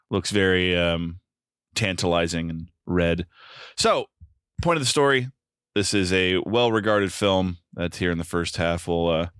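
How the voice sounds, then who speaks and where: A man's voice: deep voice, fairly bright tone, smooth, dry recording. A man co-hosting a podcast, chatting casually about a film in a dry, wry, joking way with plenty of ums. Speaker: podcast co-host. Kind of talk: casual film-review chat.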